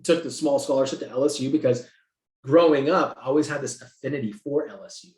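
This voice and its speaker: A man from the San Francisco Bay Area, a guest in an interview, telling his story in an animated, profane way and acting out what people said. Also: medium pitch, quick pace. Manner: animated, profane, acts out quotes. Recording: roomy echo.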